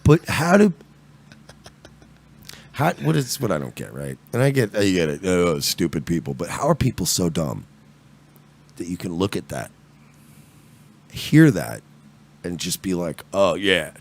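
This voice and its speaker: Gravelly, ranting male podcast host. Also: sits low, wildly swooping pitch, measured pace, pauses often. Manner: ranting, exasperated, swearing. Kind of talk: casual profane commentary.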